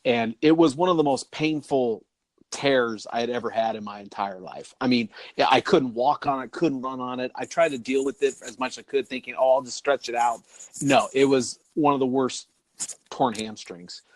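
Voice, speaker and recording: A man's voice: medium pitch, normal speed, dry recording. A man co-hosting a podcast in casual chat, rambling and laughing often as he talks. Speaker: podcast co-host.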